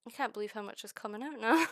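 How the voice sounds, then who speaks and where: A young Scottish woman chatting excitedly and swearing often while crafting on a close mic. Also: fairly high pitch, fast talker, no echo. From Scotland. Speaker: streamer. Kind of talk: casual crafting chat.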